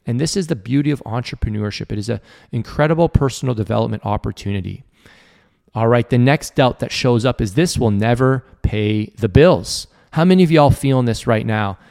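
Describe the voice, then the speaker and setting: A man's voice: medium pitch, fast, vocal fry, a little mellow. A man hosting a motivational podcast, speaking earnestly in a coaching tone to entrepreneurs and acting out the people he quotes. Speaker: podcast host.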